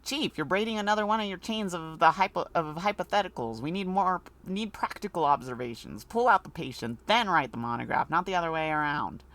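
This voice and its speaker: A woman's voice: fairly low pitch, lively intonation, fairly quick, hardly any pauses, fairly bright tone. A woman reading the part of a pedantic male doctor's assistant in a video game, dry and lecturing.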